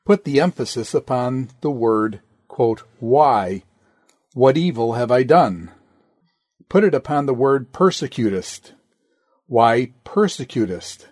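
A man reads an old sermon aloud at an unhurried, measured pace. He speaks deliberately and calls out each quotation mark. The recording is dry and close, with no room sound. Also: medium pitch, darkish tone, dry recording. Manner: deliberate, says "quote" and "end quote" aloud, raises voice on quoted scripture. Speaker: sermon reader. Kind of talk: reading a historical sermon aloud.

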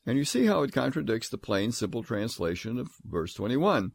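A man giving a scripture lecture, emphatic, reading verses aloud in a measured, solemn tone. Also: mid-range voice, sing-song, vocal fry, breathy edge, no room sound. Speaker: Bible teacher.

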